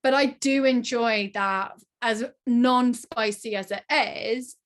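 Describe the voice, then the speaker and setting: A woman's voice: a little high, slow. A woman from Plymouth with a Southwest English accent, chatting casually as a podcast host. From England. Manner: chatty, animated, laughing asides. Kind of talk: casual chat.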